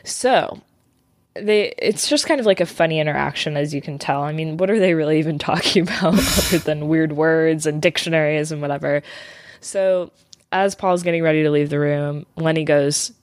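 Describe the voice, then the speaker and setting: Giggly woman with a low voice telling a story on a podcast, real dry sound. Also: normal speed, no room sound. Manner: giggly, laughs often mid-sentence. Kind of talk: casual storytelling chat.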